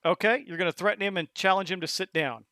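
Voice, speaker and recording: A man narrating as game master of a tabletop horror game, talking in halting bursts with many restarts. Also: sits high, pushed and bright, no echo.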